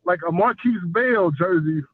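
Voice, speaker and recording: A man's voice: high-pitched, unhurried, no echo. A male caller chatting loosely and jokingly on a call-in show, full of filler phrases. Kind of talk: casual call-in chat. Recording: tinny dry phone line.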